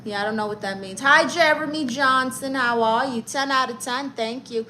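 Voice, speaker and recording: Brief: bright-voiced, sassy New woman, comic live-stream auntie teasing her chat, faint room hiss. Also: sits high, normal speed, rough recording. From Brooklyn, New York. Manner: sassy, teasing, calls viewers honey and darling. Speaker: livestream host playing an aunt character.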